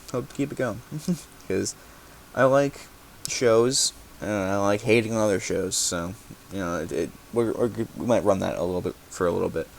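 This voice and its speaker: Young guy podcast host, low gravelly voice, rambly and loose, keeps restarting his sentences. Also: a little hiss or hum. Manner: rambling, self-correcting, with sudden swearing. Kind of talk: casual opinion segment.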